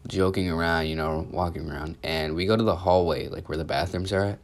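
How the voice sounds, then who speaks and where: A man with a cold and a sore throat talks through a story in a loose, rambling way. His voice sits very low, and he fills his sentences with casual fillers. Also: fairly even intonation, a little fast. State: sick, sore throat, sniffling. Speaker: youtuber. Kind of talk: storytime vlog.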